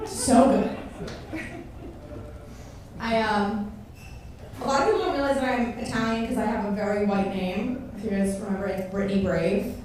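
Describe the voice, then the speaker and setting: A woman's voice: mid-range voice, moderate pace, long pauses, darkish tone. A woman from Miami doing a crude stand-up set in a comedy club, laughing at her own jokes. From Miami, Kendall. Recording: echoey club from far off, noisy.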